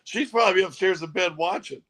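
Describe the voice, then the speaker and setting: A man's voice: high voice, a little fast, fairly bright tone. A man co-hosting a casual sports talk show, easygoing and rambling in a playful way. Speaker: co-host. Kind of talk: casual chat.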